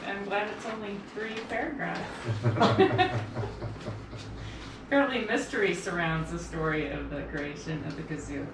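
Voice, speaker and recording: A woman's voice: on the low side, normal speed, long pauses, heavy reverb, recorded from a distance, background noise. A woman DJ guesting on a local radio talk show, playful and laughing along with the hosts. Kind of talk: casual banter. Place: radio studio.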